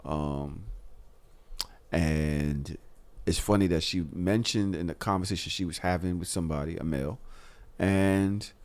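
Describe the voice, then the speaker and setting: A man's voice: low voice, a little slow, a little mellow. A young man co-hosting a casual podcast, telling stories animatedly, acting out what partners say and laughing often. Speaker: podcast co-host.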